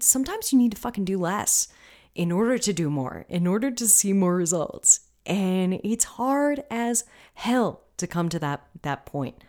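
A woman's voice: medium pitch, darkish tone. A woman hosting a podcast as a coach, talking casually and passionately, swearing freely and sometimes dropping into a whisper.

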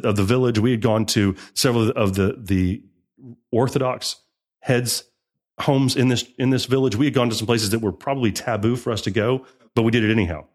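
A man with a husky voice talks at a quick clip, recounting his mission work as an interview guest. He piles up emphatic repetitions and often restarts his sentences. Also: medium pitch. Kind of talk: conversational interview testimony.

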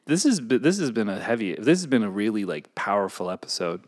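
A podcast co-host with a lowish, sing-song voice talks a little fast in a casual, rambling chat. He laughs often and keeps slipping into goofy voices.

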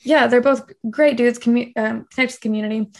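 A woman's voice: on the high side, fairly even intonation, fast talker, gravelly. A young woman as a podcast guest, chatting casually and acting out quotes with lots of fillers. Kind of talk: casual interview chat.

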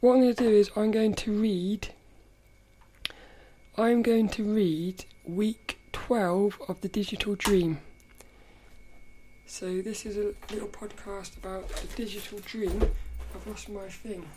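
A woman's voice: medium pitch, fairly even intonation, slow, background noise. A woman hosting her own podcast in casual solo chat, rambling and stopping to restart her sentences. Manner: rambling, stop-start, self-correcting. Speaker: podcast host.

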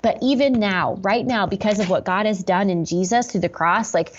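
A woman's voice: medium pitch, moderate pace, lo-fi sound, a little hiss or hum. A woman pastor telling a personal story in an interview, earnest and reflective, with many fillers and restarts.

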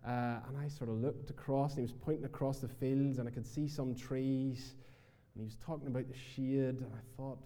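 A Northern Irish man gives a sermon in an easygoing, conversational way, often filling pauses with "uh". His voice is very dark and mellow. A long church-hall reverb trails after each phrase. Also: medium pitch, fairly even intonation. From Northern Ireland. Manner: conversational preaching with frequent "uh" fillers. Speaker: minister.

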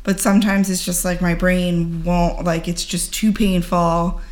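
A woman guest speaking candidly and earnestly in conversation, halting often and filling pauses with "like.". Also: fairly low pitch, level tone, a little mellow. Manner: earnest, halting, full of "like" fillers. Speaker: podcast guest. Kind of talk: candid personal account in conversation.

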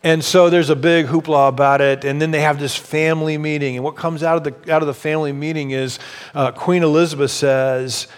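High-voiced man preaching in a reverberant hall. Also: brisk, clean tone. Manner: animated storytelling with shifting pace and emphasis. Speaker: pastor. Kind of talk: sermon. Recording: long reverb of a large hall.

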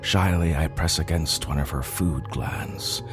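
A man narrating a scripted story for a podcast in a hushed, intimate way. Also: rumbling low, unhurried. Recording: music playing behind.

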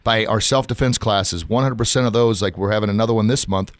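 A man with a somewhat low voice tells stories earnestly in casual podcast talk. He laughs now and then. The sound is dry and close, with no room around it. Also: fast talker, no echo. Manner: earnest storytelling, laughs often. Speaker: podcast host, martial arts school owner. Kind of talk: casual conversation.

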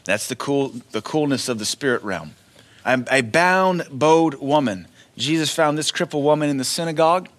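A man's voice: on the high side, moderate pace, fairly bright tone. A man preaching a sermon to his congregation in a conversational way, acting out short quotes as he goes. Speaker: pastor.

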